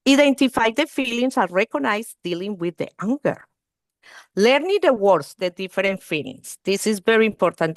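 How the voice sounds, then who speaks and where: A medium-pitched woman runs a video-call webinar training early-learning teachers. Her English is non-native, and she frequently checks in with "okay?" and "you see." The audio is studio quality with no echo.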